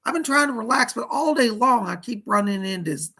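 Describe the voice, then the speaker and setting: A man's voice: very high-pitched, animated, fairly quick, bright, forceful tone, breathy edge. A man hosting a casual psychic livestream, chatty and fussy, greeting viewers and scolding a pet companion.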